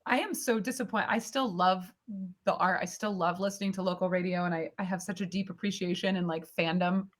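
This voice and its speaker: A woman, a comedian guest, chatting and telling stories with lively acted-out voices over a remote call. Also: fairly low pitch, fairly quick. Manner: animated storyteller, acts out voices with big jumps. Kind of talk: casual chat. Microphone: remote call with delay.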